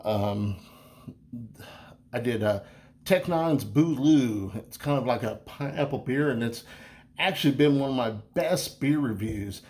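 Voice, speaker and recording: A man's voice: medium pitch, measured pace, long pauses, darkish tone. Rambling, easygoing man reviewing beer. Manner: rambling, full of fillers and restarts; easygoing, chatty. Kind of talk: casual beer review vlog.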